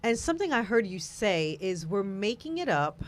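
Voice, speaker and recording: A woman host in a casual conversation, soft and reflective, with frequent affirming murmurs. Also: medium pitch, big pitch swings, normal speed.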